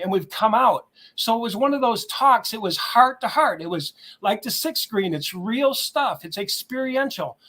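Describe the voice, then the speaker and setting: A man's voice: sits high, a bit bright. A man speaking as a guest on a call-in talk show, telling a personal story in an earnest, heartfelt way and repeating words as he searches for them. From United States.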